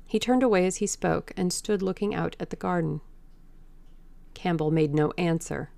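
A woman narrating an audiobook in a measured, deliberate way. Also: lowish voice, vocal fry, dark tone, no room sound.

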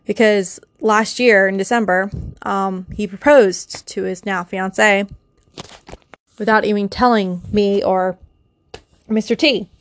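A young woman vlogger with a cold and stuffy nose rants emotionally, swearing and rambling with lots of fillers and restarts. Her mid-range voice is fairly even in intonation and slow, recorded without echo on a phone or built-in mic.

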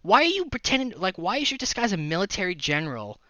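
A man's voice: high-pitched, sing-song, fast, pushed and bright, dry recording, highs cut off. A man co-hosting a casual movie review podcast, ranting in an exasperated, profane way. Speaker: podcast co-host.

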